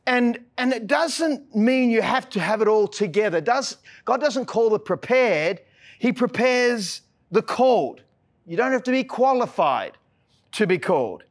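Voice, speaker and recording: A high-pitched Australian man preaching a sermon from the pulpit. He talks earnestly and often trips over his words, repeating the start of a phrase before pushing on. He slows right down to stress key lines, then hurries through the next thought. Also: lively intonation. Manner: earnest, frequent stammered restarts. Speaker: pastor.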